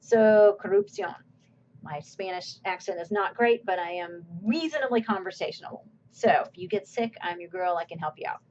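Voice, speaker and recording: A woman's voice: lowish voice, fairly quick, hardly any pauses, dull audio, slight background noise. Woman giving a recorded slide lecture. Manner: conversational, asks questions and answers them. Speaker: course instructor.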